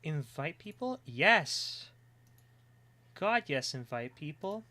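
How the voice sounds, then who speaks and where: A streamer chatting casually on a live stream, excitable and rambling, drifting into quiet mumbling while setting things up. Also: medium pitch, slow.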